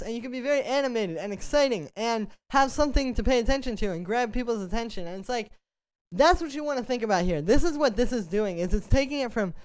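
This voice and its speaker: A man, a music producer, explaining melody writing in a relaxed, conversational tutorial, stepping through his points one by one. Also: extremely high pitch, brisk, no echo. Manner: conversational, explains step by step while playing examples. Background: synth music playing.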